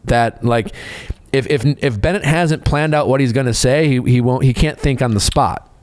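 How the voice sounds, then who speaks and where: A man hosting a podcast, chatting and explaining his view in a steady, analytical way. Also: medium pitch, normal speed, no room sound. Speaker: podcast host. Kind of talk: casual chat.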